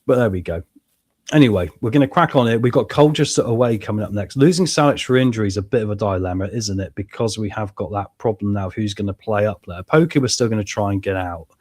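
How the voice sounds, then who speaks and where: A fairly low-voiced man talks viewers through a football management game in a casual, chatty way. He jumps between excited cheering and relaxed asides, calling his audience mates and guys. His voice sounds a bit strained from shouting earlier in the day. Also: fast. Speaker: gaming YouTuber playing a football management game. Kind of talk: casual gameplay commentary.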